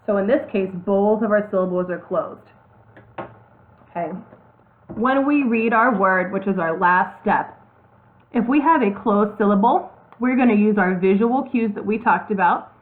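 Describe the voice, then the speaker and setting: A woman teacher walking through a reading lesson slowly, step by step, spelling out letters. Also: mid-range voice. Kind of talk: classroom video lesson. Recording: tinny phone-like audio.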